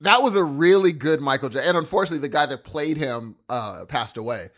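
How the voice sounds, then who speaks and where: A man co-hosting a casual chat, chatty and excitable, telling stories. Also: fairly high pitch, quick pace.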